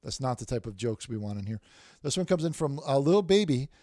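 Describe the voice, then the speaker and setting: A man's voice: mid-range voice, sing-song, fast talker, warm tone, no room sound, studio quality. A man hosting a casual livestream, reading viewer messages aloud with many restarts and repeated words. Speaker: livestream host reading chat.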